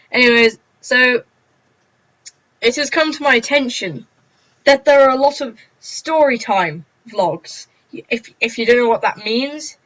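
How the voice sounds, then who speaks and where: A woman's voice: on the high side, takes it slowly, long pauses, fairly bright tone. A young woman chatting in a rambling, giggly, self-mocking way on a casual story-time vlog. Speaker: vlogger. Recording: dull lo-fi recording.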